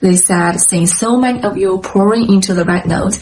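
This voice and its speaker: A woman who teaches English talks plainly in a casual vlog to camera. Her voice sits at a middle pitch, with faint noise in the background. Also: normal speed, a little mellow.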